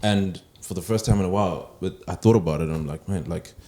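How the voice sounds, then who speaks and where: Low-voiced male guest, laid-back anecdotal delivery, echoey noisy room. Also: fast. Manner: relaxed storytelling, soft hesitant fillers. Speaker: podcast guest. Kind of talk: casual conversation. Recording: echoey room with background noise.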